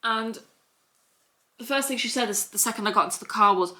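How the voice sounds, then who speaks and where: A young woman with a Scouse accent speaks fairly quickly at medium pitch, her tone sharp, as she sits at home in a hoodie telling a story for her vlog. It's rambling and repetitive, with restarts piling up.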